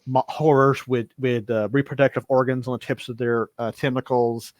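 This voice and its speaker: A man's voice: medium pitch, flat delivery, normal speed, no room sound. A man narrating a tabletop horror game as game master, telling the story in a loose, improvised way. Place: home streaming setup.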